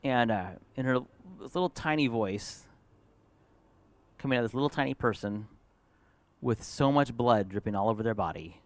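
A man's voice: mid-range voice, moderate pace, pauses often. Earnest male pastor telling a story. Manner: storytelling, earnest, shifts between lively and hushed. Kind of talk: sermon with personal story.

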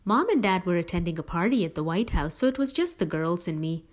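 Low-voiced woman reading a story. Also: expressive, fairly quick. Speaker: audiobook reader. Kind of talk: first-person storybook narration.

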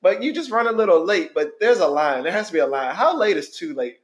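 A man with a noticeably high voice chats loosely as a podcast co-host. He jokes around, tells stories and breaks into laughter often. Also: fast talker. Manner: animated, joking, laughs often. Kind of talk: casual chat.

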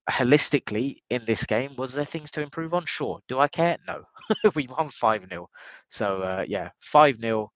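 A man's voice: mid-range voice, expressive, normal speed, no room sound, muffled recording. A man hosting a casual podcast, nasal from a cold, upbeat and blunt. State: has a cold. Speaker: podcast host.

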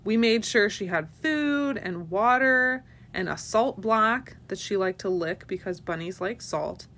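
A woman, a parent hosting a family podcast, reading a children's storybook aloud with expressive, animated delivery. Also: mid-range voice, unhurried.

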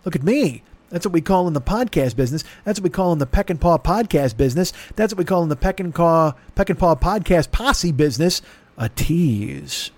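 A man with a fairly high voice rambles through a podcast plug, swearing freely and mocking himself as he talks in circles. His voice is close and dry on the microphone. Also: lively intonation, brisk, no room sound. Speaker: podcast host. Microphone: studio microphone.

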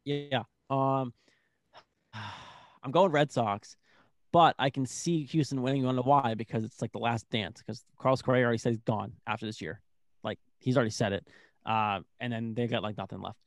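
A young man co-hosting a casual sports chat, excitable and rambling, full of "like". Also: medium pitch, moderate pace, no echo, clean studio sound. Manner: excitable, rambling, heavy use of "like". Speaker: sports podcast co-host.

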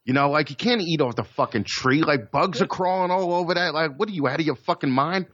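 A man's voice: on the high side, brisk, fairly bright tone, no echo, highs cut off. A man telling stories in casual chat, profane and rambling, with stammered restarts.

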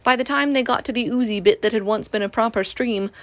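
A woman reading a children's storybook aloud in a gentle, even way. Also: a little high, fast talker, no echo.

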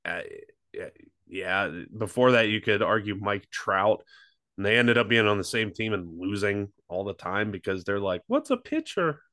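A man's voice: lowish voice, steady tone, moderate pace, sharp tone, dry recording, clean studio sound. A man co-hosting a podcast in casual chat, rambling through his points with lots of fillers and restarts and swearing freely. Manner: rambling, loose delivery with many fillers and restarts. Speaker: podcast co-host.

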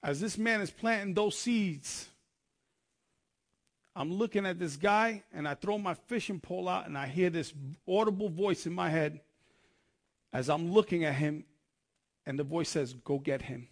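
Man, preacher, sermon testimony, gravelly voice, fairly high pitch, earnest, conversational, restarts sentences. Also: a little slow, pauses often.

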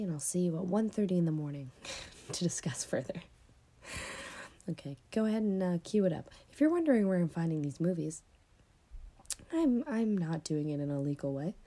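A woman chats alone on her own podcast, rambling and self-mocking, full of quick asides. Her voice sits low and mellow with a gravelly edge. Faint noise hums under the recording. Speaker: podcast host. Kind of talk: casual solo podcast chat. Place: at home, part recorded in morning sun.

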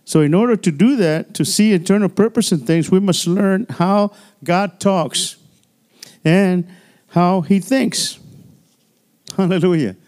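Rambling preacher man, somewhat high voice. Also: a little slow, pauses often, darkish tone. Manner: rambling, conversational preaching with many "you know" and "hallelujah"; repeats and restarts words often. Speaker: pastor. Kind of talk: sermon.

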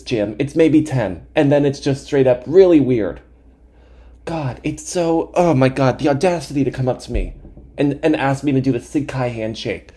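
Podcast host in his twenties, animated comic storyteller with a mellow voice, mocks himself and swears freely. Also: medium pitch. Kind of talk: comedic storytelling monologue.

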